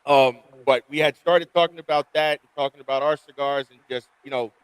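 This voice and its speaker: A man hosting a casual podcast chat, recalling events in a relaxed, rambling way. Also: medium pitch, fairly quick, clean tone, no echo, low-quality recording.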